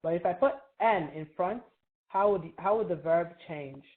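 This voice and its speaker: Woman teacher, low register, patient quizzing style, phone-quality audio. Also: moderate pace. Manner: patient, quizzes students, frequent "right?" checks. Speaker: Arabic teacher. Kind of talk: classroom review lesson. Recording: tinny phone-like online call.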